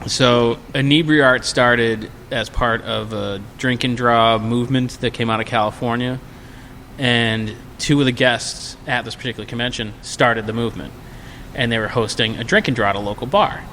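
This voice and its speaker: A man's voice: medium pitch, normal speed, a little hiss or hum. A man telling a drunken convention story in a casual podcast chat, acting out the quotes with a raised voice. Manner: animated, acts out quotes in a raised voice. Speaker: podcast guest.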